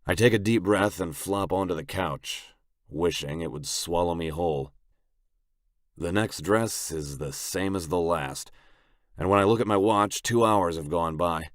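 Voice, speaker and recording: A man reading a first-person audiobook narration in a gruff, blunt, brooding manner, close on the mic. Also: deep voice, unhurried, no room sound.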